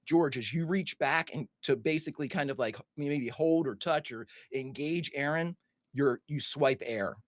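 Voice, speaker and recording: A man's voice: fairly high pitch, moderate pace, dry recording. A man narrating a tabletop game as game master, loose and rambling with many fillers and restarts.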